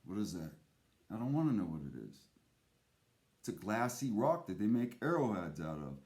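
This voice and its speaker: A man's voice: fairly low pitch, very animated, normal speed, a little mellow. A man hosting his own show in a rambling, theatrical monologue, swearing often and jumping from thought to thought. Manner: profane, erratic, theatrical. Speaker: host.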